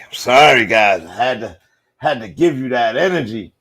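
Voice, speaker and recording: A man giving casual live play-by-play commentary, talking straight to his viewers in slang and breaking into loud exclamations on big plays. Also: medium pitch, lively intonation, moderate pace, slightly rough.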